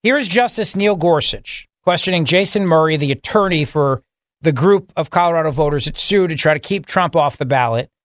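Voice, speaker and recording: A man's voice: on the high side, fairly quick, no echo. A man hosting a talk radio show in a studio, opinionated and jokey, talking emphatically. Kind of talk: casual talk radio banter and commentary. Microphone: studio microphone.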